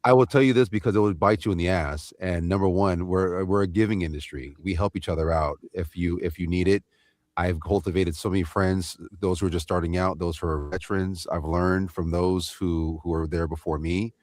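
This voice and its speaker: A man's voice: low voice, fairly even intonation, fairly quick, a little mellow, no echo. A man voice actor on a panel, talking in a laid-back, slangy, rambling way. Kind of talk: casual panel chat.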